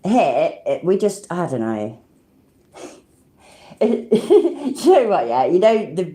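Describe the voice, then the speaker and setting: Low-voiced, sweary British woman streaming. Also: big pitch swings, takes it slowly, mellow. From Britain. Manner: chatty, swears freely, laughs often. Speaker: livestream host. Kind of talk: casual livestream chat.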